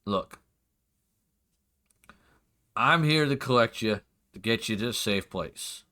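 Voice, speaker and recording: A man's voice: on the low side, lively intonation, takes it slowly, pushed and bright, full character voice. A man voicing a curt, irritable half-elf male hunter who grumbles and swears. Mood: weary.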